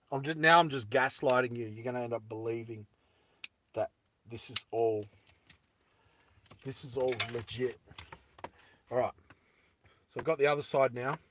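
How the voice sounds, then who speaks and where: A man's voice: mid-range voice, a bit bright. A man chatting casually and playfully with live viewers while he makes earrings, joking and giggling often. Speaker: live streamer making jewellery. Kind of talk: casual live-stream chat while crafting.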